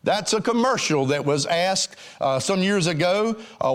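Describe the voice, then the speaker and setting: Male preacher mid-sermon, slightly high, very animated pitch, emphatic cadence with fillers. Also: a little slow.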